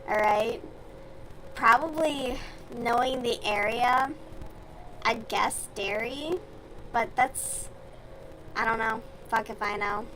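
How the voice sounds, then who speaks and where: A woman's voice: fairly high pitch, takes it slowly, pauses often, a bit bright, slight background noise, low-quality recording. A young woman from the US South chatting casually and bluntly with her stream viewers while she crochets, with plenty of swearing.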